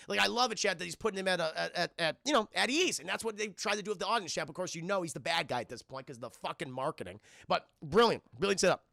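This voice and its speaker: A man reviewing a film on a livestream, excitable and profane, constantly talking to his chat. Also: sits high, quick pace, gravelly, few pauses, dry recording, clean studio sound.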